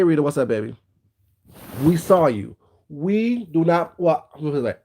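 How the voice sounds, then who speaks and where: Male livestream host with a slightly high voice, bluntly gossiping and shouting out viewers by name. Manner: blunt, gossipy, greets viewers mid-rant. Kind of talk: casual commentary livestream.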